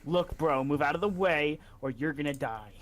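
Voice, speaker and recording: A man's voice: a little high, moderate pace. A man playing a tabletop game, blunt and joking. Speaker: player.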